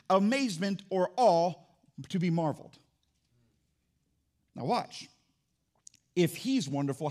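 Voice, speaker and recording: Loud, high-pitched preaching pastor. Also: male voice. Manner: loud, swinging between shouting and hushed. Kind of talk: sermon. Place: church sanctuary.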